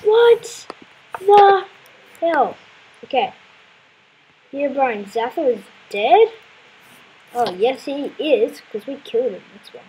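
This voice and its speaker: High-voiced woman gamer, exasperated. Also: measured pace, pauses often, dark tone, slightly rough, low-quality recording. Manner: exclaims and repeats words in frustration. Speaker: let's play gamer. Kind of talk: casual gameplay commentary.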